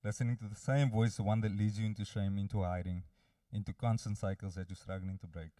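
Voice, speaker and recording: Male preacher, sermon, earnest direct address, low dark tone, slightly distant dry mic. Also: fairly even intonation, quick pace, no room sound.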